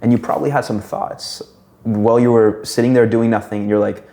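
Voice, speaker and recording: A man's voice: lowish voice, steady tone, brisk, vocal fry, mellow. A young man hosting a casual podcast, reflective and musing as he talks. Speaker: podcast host.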